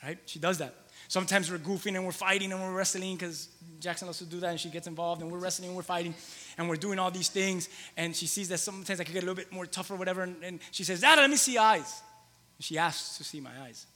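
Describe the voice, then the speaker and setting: A man's voice: high-pitched, steady tone, fast talker, hardly any pauses, sharp tone, in a large hall. A man in his thirties preaching a conversational sermon in a church, repeating phrases for emphasis. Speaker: pastor. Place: church hall with long reverb.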